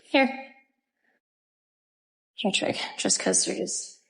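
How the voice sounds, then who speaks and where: A woman's voice: a little high, lively intonation, measured pace. A young woman chatting casually on a live stream at home, gushing over her dogs. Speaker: livestream host. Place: home, indoors.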